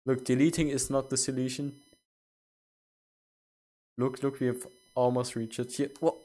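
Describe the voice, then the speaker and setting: A man's voice: medium pitch, level tone, normal speed, dark tone. A man streaming a game, chatting casually with viewers, stumbling over and repeating his words while asking them questions. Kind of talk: casual live-stream chat.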